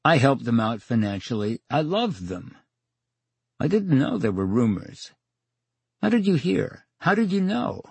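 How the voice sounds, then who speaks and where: Older man, lively wry storyteller. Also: mid-range voice, a little slow, gravelly, husky, dry recording. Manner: theatrical storyteller, acts out dialogue, wry. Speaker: radio interview guest. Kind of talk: storytelling in a radio interview. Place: radio studio.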